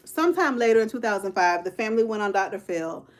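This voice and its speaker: A woman's voice: medium pitch, lively intonation, fast talker. A woman in her fifties hosting a casual true-crime livestream, speaking straight to her viewers with "y'all", "child" and "honey" and answering their comments as she goes. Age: 50s. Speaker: livestream host.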